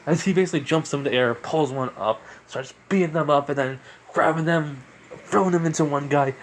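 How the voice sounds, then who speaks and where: A man's voice: mid-range voice, slight background noise. A man casually narrating a fan story, rambling with many fillers.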